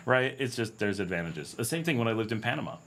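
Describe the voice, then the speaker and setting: This livestream host is a middle-aged man from the United States whose fairly low, somewhat bright voice is brisk and very animated. Running a casual Q&A, he tells chatty anecdotes, laughs often, and acts out quoted voices.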